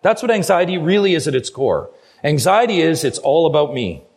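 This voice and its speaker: A middle-aged Canadian man delivers a sermon as a guest pastor, his pitch slightly raised and his manner earnest and urging. He stretches out key phrases for weight, speaking briskly with big swings in pitch. His tone is darkish, with a breathy edge.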